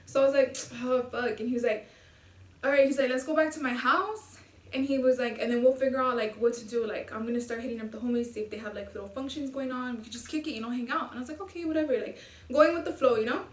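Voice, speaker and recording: A woman's voice: sits high, fast talker. Slangy young woman telling a story. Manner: slangy, profane, animated retelling with quoted dialogue. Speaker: vlogger. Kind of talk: casual storytime. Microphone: low-quality camera mic. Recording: echoey room, mic at a distance.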